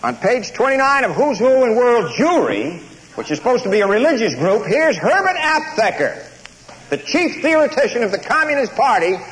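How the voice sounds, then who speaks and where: A man's voice: very high voice, very animated, moderate pace, a bit bright. Emphatic man speaking in a roomy hall. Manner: emphatic, declamatory, building to punchy slogans. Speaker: invited speaker at a campus lecture. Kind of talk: public speech followed by audience Q&A. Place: lecture hall before a live audience. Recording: roomy hall recording with faint hiss.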